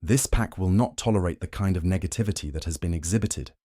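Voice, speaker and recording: A fierce young werewolf Luna, as a man reads her, speaking in a cold, scornful, cutting way. The voice sits deep and low, and it sounds close and dry. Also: quick pace, mellow, dry recording. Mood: stern.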